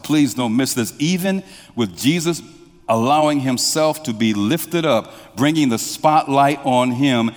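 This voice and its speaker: Slow-preaching pastor in a reverberant hall. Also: male voice, medium pitch. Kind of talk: sermon.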